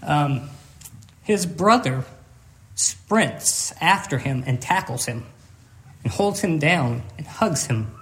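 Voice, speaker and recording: Male pastor, earnest sermon delivery, high-pitched voice, halting with repeated words, emotional and close to tears.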